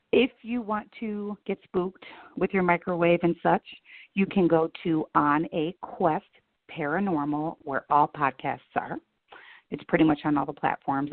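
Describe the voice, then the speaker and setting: A woman from the Chicago area, a radio reporter guesting on a podcast, telling stories in an animated, self-deprecating way. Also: sits low, dry recording. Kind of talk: casual interview chat. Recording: tinny phone-like sound.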